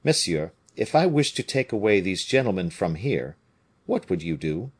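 A shrewd musketeer captain gives orders in a brisk, commanding way. His low voice is lifted and animated for the part, and the delivery rolls with energy; a man reads him aloud. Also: slightly rough, full character voice.

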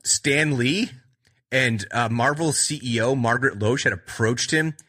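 A man with a husky, bright-edged voice tells movie stories in a loose, rambling style. He keeps checking in with "right?" and slips into acted-out quotes from the scenes. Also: medium pitch, unhurried. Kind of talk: casual movie chat.

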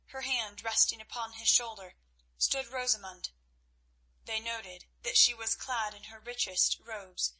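Bright-voiced woman narrating. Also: a little high, husky, poor audio. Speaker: audiobook narrator. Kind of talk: scripted narration.

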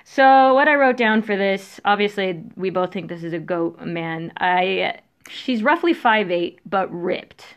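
A woman chats casually on a podcast, animated and often giggling as she rambles through her thoughts. Her voice sits at an ordinary middle pitch. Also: unhurried, clean tone, highs cut off. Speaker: podcast co-host. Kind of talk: casual chat.

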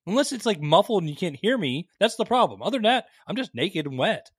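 A man co-hosting a podcast in casual chat, excitable and cursing freely, his pitch jumping when he gets worked up. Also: fast talker, breathy edge, dry recording, studio quality. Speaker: podcast co-host.

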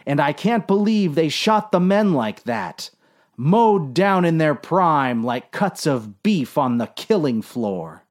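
A man voicing an earnest young male submarine sailor in a deadpan, matter-of-fact way. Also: a little high, slow.

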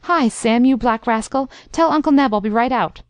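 A woman's voice: on the high side, moderate pace, smooth, no room sound, close to an everyday voice. A woman voicing a blustering older male major, a fond uncle who talks formally and teases. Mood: flustered. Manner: formal, bustling, teasing.

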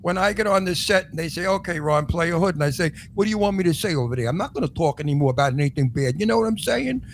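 Older man, Brooklyn accent, blunt joking co-host, high voice, faint background hiss. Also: animated, fast talker, hardly any pauses. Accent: New York (Brooklyn). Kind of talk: casual chat.

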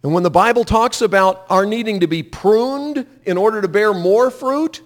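A man's voice: high-pitched, moderate pace, few pauses. A man preaching a sermon, emphatic and drawing the congregation into repeating lines after him. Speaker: pastor.

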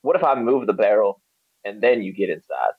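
Man, player, husky and lively, dull dry lo-fi sound. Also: fairly low pitch, brisk, dry recording. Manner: hesitant, jokey, restarts. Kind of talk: tabletop game play.

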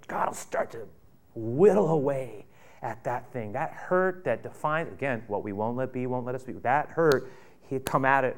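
Impassioned male pastor preaching. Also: mid-range voice. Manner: impassioned, repetitive, with rhetorical questions; swings from loud bursts to hushed asides. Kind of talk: sermon.

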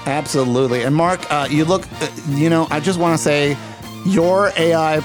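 A man's voice: a little high, moderate pace, music in the background. Rambling, playful male podcast host. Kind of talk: casual chat.

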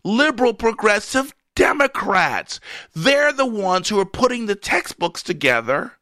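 A man giving a sarcastic political commentary monologue, animated and at times shouting at the listener. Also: high voice, measured pace, dry recording, studio quality.

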